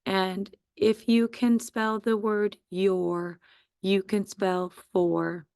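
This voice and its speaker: A woman teaching a children's phonics lesson at a very slow, deliberate pace, stretching out each letter and syllable. Her voice is smooth and clear with a touch of gravel, recorded dry and close. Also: medium pitch, level tone, a little mellow, no echo.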